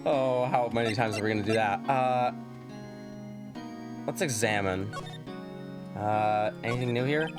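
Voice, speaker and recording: A woman's voice: extremely low pitch, unhurried, pauses often, music in the background. A woman streamer chatting casually while playing a story game, with offhand, wry asides.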